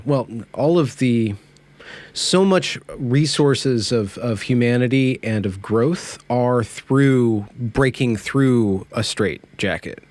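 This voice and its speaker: A man hosting a conversation podcast, speaking thoughtfully and searching for words with many pauses and fillers. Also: mid-range voice, a little mellow, dry recording. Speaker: podcast host. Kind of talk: casual conversation.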